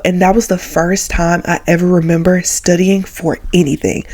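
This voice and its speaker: A woman's voice: lowish voice, fairly even intonation, normal speed, a little mellow. A woman in her twenties telling a childhood story to her vlog audience in a casual, chatty way, acting out quoted voices. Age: 20s. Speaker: vlogger.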